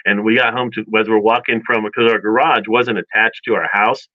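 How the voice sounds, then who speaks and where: A man casually telling childhood stories in a rambling, animated way, with many restarts and chuckles. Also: on the low side, fairly quick, no room sound. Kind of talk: casual storytelling chat. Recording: dull dry lo-fi sound.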